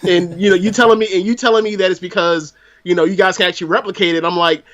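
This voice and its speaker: A man's voice: high-pitched, fairly even intonation, very fast, fairly bright tone. A man from Florida, a podcast guest, chatting casually and talking around his points with lots of fillers. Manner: talkative, full of fillers. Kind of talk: casual wrestling review chat.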